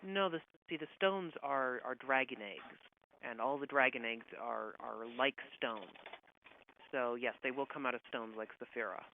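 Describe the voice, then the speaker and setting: A young man, an author taking fans' questions on a phone call, friendly and quick to laugh. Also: mid-range voice, creaky. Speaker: author guest. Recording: tinny phone line with faint hiss.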